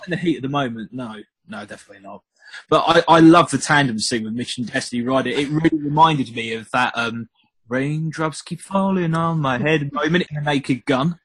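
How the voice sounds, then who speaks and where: A man's voice: fairly high pitch, a little fast, a bit bright, husky, low-quality recording. A man co-hosting a podcast, enthusing about favourite scenes with amusement. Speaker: podcast co-host. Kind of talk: casual chat.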